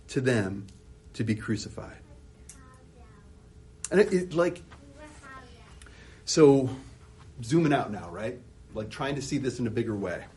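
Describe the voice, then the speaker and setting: Male preacher, lively pitch, husky tone, rhetorical and conversational, restarts a lot. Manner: animated, rhetorical questions, frequent restarts. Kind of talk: expository sermon.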